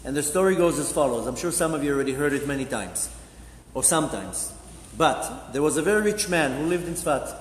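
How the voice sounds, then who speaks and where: A man's voice: fairly high pitch, expressive, a little fast, slight background noise. A man, a rabbi, teaching a Torah class and telling a story, acting out the dialogue of its characters. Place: synagogue hall. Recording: echoey hall with faint ambience.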